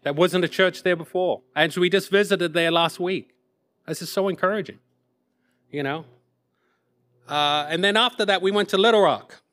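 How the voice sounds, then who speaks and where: A man in his fifties from England gives a sermon-style testimony of his missionary years. His voice sits high for a man. He tells it in a self-deprecating, rambling way, full of asides. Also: moderate pace, pauses often, fairly bright tone. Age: 50s. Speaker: missionary speaker.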